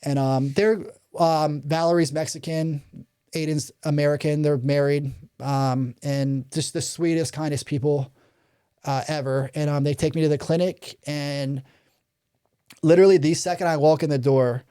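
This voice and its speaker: A man's voice: a little high, steady tone, normal speed, dark tone, smooth. A man in his thirties telling his story as a podcast guest, rambling with many fillers and swearing, acting out the people he quotes. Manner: rambling, many ums, profanity, acts out quoted voices. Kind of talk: candid storytelling interview.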